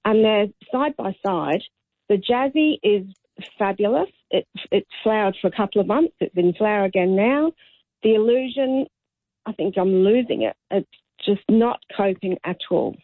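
A woman's voice: medium pitch, animated, normal speed, no room sound. A woman calling a radio show, chatting in detail about her plants. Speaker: caller. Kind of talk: phone-in call. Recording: tinny phone line.

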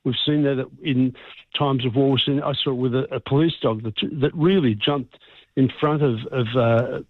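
A man's voice: medium pitch, fairly even intonation, normal speed. An Australian male vet talks through a radio phone interview, his explanations long and expansive. The sound comes over a narrow, tinny phone line, dry with no room echo. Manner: warm, expansive, rambling explanations. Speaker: veterinarian guest on the phone. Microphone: telephone line.

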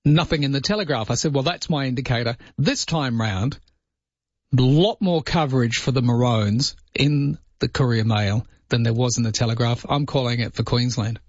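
Chatty Australian talkback radio host. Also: male voice, mid-range voice, moderate pace, dry recording, highs cut off. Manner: chatty, joking, laughs often. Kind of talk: casual talkback radio chat.

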